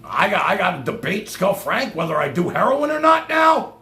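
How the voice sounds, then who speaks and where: A man's voice: high-pitched, sing-song, normal speed, pushed and bright. A man hosting a livestream, delivering an angry, profane rant. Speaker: livestream host. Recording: echoey room.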